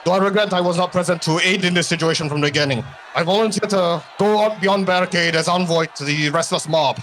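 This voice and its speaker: A man's voice: high-pitched, fast, a bit bright. A man voicing a disciplined, formal female soldier reporting to her commander. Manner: formal, clipped military address.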